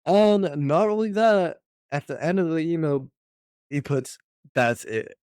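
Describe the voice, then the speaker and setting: A man's voice: a little high, a little slow, warm tone, clear, resonant tone, no echo, studio quality. A young man ranting casually about a workout split, profane and exasperated, full of slang. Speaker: fitness vlogger.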